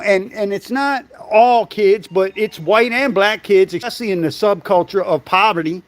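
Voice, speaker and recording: Blunt, high-voiced man ranting. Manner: blunt and profane, storytelling with acted quotes. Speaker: livestream host. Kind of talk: opinionated monologue.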